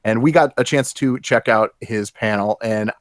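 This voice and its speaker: A man hosting a casual show, talking in a halting, filler-heavy, upbeat way. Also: on the low side, no echo, clean studio sound. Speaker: host. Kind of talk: casual chat.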